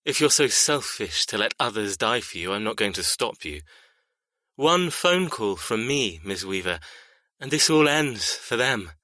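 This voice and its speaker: A man's voice: big pitch swings, pushed and bright, no room sound, clean studio sound, heavily acted. A man voicing a cold, menacing controller. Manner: low, slow, threatening. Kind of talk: audiobook character reading.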